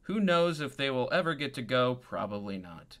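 A man narrates a tabletop game as its dungeon master, his voice bright and forward. He keeps things easygoing and chatty, often breaking into a laugh. His pitch sits in an ordinary middle range. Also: big pitch swings, moderate pace.

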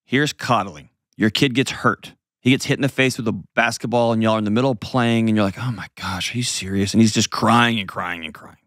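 A man's voice: lowish voice, a little fast, hardly any pauses, a bit bright, dry recording, clean studio sound. A man hosting an advice show, explaining parenting earnestly and acting out little scenes in changed voices.

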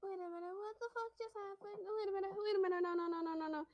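A woman's voice: very high voice, fast, highs cut off. A woman playing a tabletop game, flustered and stammering as she repeats herself. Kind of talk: casual in-character and table talk. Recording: noisy line with clicks.

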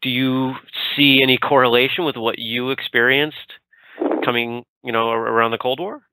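A man hosting a podcast interview, thanking his guest and asking questions in a polite, measured way. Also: medium pitch, steady tone, sharp tone, no room sound, low-quality recording. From United States. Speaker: podcast host.

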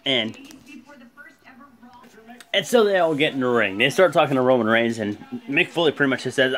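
A man hosting a casual vlog, recapping events in a rambling, animated way. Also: medium pitch, normal speed, long pauses. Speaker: host.

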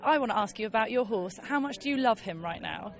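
A woman's voice: fairly high pitch, expressive, quick pace, creaky. A woman presenting an equestrian show and interviewing riders in a chatty, gushing, openly emotional way. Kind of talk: casual trackside interviewing.

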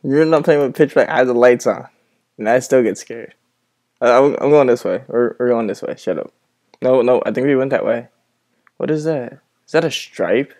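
In a lit room at home at night, a man gives casual commentary while he and a friend play a horror game. His medium-pitched, darkish voice moves at normal speed as he reacts nervously and swears into the headset.

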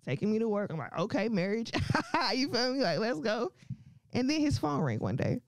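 A woman works through a crude stand-up comedy set, brash and unfiltered, laughing often between her lines. Her pitch swings widely as she talks. The sound is dry and close, with no room around it. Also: very animated, normal speed, dry recording.

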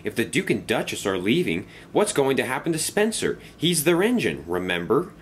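A man's voice: medium pitch, sing-song, normal speed, slight background noise, pitched above the performer's own voice, natural voice. A man voicing a vain male engine who talks in a blunt, dismissive way.

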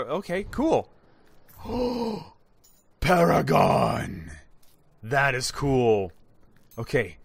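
A man giving excited, chatty commentary while opening game loot boxes, exclaiming loudly at good items and talking to his viewers. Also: medium pitch, very slow, vocal fry, pauses often, husky. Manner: chatty, addresses viewers as guys. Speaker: gaming YouTuber.

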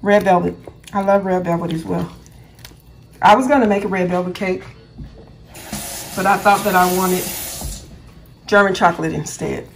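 A woman's voice: lowish voice, normal speed, creaky, long pauses, a little hiss or hum. A woman hosting her own cooking channel from a home kitchen. She chats casually as she works, rambling, stumbling over her words and correcting herself. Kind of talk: casual cooking vlog chat.

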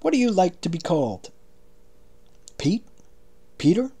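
A man's voice: high-pitched, very animated, measured pace, mellow, breathy edge, pitched above the performer's own voice, exaggerated voice. A man voicing a boastful, pushy American prisoner who runs the camp. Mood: prying. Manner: blunt, profane, pushy.

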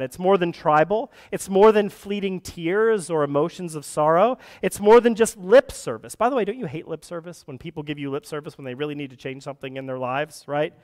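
A male pastor preaching a sermon. He is earnest and breaks into conversational asides and restarts. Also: on the high side. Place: church sanctuary. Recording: long reverb of a church hall.

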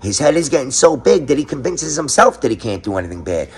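A man's voice: mid-range voice, very animated, fast talker, husky. A man with a New York accent hosting a crude, sarcastic comedic rant, swearing constantly. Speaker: commentary host.

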